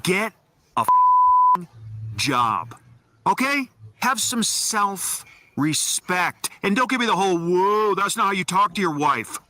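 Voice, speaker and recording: A man's voice: high-pitched, wildly swooping pitch, slow, long pauses, bright, forceful tone, no room sound, full character voice. A comic playing a fed-up ranting man. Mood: indignant. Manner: indignant, scolding. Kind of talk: stand-up bit.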